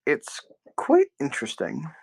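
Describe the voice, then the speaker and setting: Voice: medium pitch, huge pitch swings, a little slow, gravelly, husky, poor audio. A game master narrating a tabletop game in a casual way, with loose phrasing and lots of fillers.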